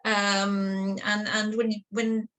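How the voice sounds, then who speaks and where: A woman guest on a podcast, with a voice in the middle of the usual range. She speaks in a calm, reassuring way and comes back to the same key phrases again and again. She talks from her experience of working with clients. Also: mid-range voice, very slow, low-quality recording. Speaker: guest who works with clients. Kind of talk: conversational interview.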